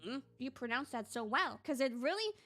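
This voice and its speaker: Woman from Austria, livestream host, animated giggly storytelling, bright sharp voice. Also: high voice, fairly quick, soft background music. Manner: animated and giggly, with lots of "like" fillers.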